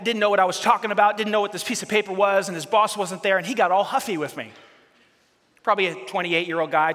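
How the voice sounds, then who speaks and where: A pastor delivers a casual, conversational sermon, chatty and frequently asking the congregation questions while repeating words as he goes. His fairly high-pitched, slightly bright voice carries long church hall reverb.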